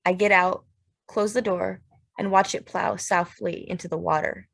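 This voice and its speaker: A woman narrating a literary audiobook in a steady, measured, plain way. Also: on the low side, vocal fry.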